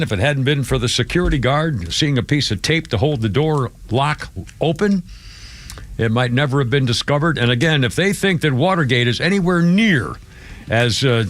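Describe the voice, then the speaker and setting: A man's voice: medium pitch, fairly bright tone. A man hosting a live radio talk show, reading out news items in a rambling, chatty way with lots of fillers and asides.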